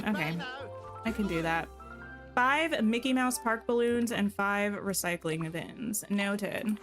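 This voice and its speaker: A woman's voice: medium pitch, expressive, slow, a bit bright, faint music behind. A woman streamer chatting casually while gaming, rambling and giggling at herself. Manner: rambling, giggly, self-deprecating.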